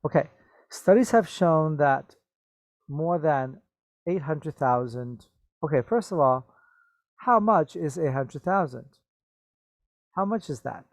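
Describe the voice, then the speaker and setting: A man's voice: on the high side, expressive, slow, long pauses, no room sound. A man teaching an English vocabulary lesson, patiently repeating words and checking in with "okay?".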